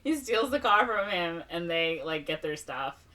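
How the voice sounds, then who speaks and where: A woman's voice: lowish voice, expressive, unhurried, sharp tone, recorded from a distance. A young woman co-hosting a podcast, casually recapping a movie plot and acting out the characters' lines with lots of fillers. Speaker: podcast co-host.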